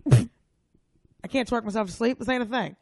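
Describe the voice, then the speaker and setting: A woman guest on a podcast, chatting casually and acting out the people in her stories in loud, lively voices. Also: fairly high pitch, normal speed, no echo, clean studio sound. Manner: animated storyteller, acts out quotes loudly. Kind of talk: casual chat.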